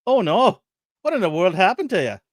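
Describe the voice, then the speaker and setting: Helpful Irish country doctor with a hammy brogue, put on by a man, lively and dry. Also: high voice, fairly quick, dry recording, voice pushed up. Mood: concerned.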